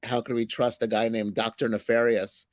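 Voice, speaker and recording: A man's voice: mid-range voice, flat delivery, normal speed, no echo. A man chatting casually on a livestream, meandering and hesitant with many fillers. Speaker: co-host, writer.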